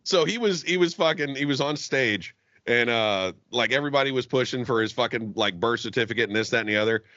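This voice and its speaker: A man co-hosting a podcast in casual chat, animated and profane, laughing often. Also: medium pitch, fast talker, no room sound, muffled recording. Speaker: podcast co-host.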